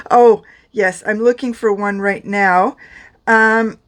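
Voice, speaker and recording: A woman's voice: medium pitch, fairly bright tone. A middle-aged woman from France teaching pronunciation to camera in a chatty, self-deprecating way. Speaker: beauty vlogger teaching pronunciation.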